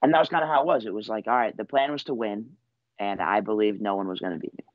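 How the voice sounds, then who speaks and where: A man's voice: on the low side, fast, dry recording, dull audio. A man in his twenties, a college wrestler, telling a story in a loose, rambling way full of "you know" and "like". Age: 20s. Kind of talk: casual storytelling.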